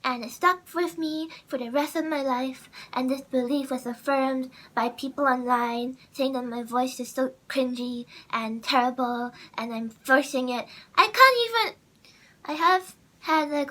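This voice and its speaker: High, bright-voiced young woman. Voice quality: naturally high-pitched voice. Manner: rambling, self-correcting, bursts into loud mocking impressions. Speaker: content creator. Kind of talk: casual vlog monologue.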